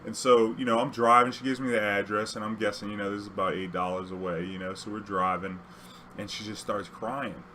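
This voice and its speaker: Young New man, low-voiced but forceful, rambling casual storyteller. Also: steady tone, brisk, slight background noise. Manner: rambling, loose delivery full of "you know". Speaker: taxi driver and storyteller.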